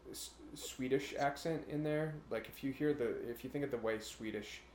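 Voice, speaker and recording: A man's voice: medium pitch, moderate pace, darkish tone, echoey room, a little hiss or hum. A man co-hosting a casual chat, rambling and breaking into brief imitation voices, a little nervous about recording. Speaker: podcast co-host.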